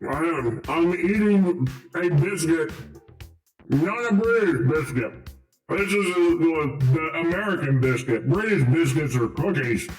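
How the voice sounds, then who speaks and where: A man voicing the demon Pinhead, speaking with slow, mock-solemn menace while chewing. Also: on the high side, expressive, soft background music, voice pushed down. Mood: mock-menacing. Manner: slow, deliberate, mock-solemn with mouth full. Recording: echoey, distant from the mic.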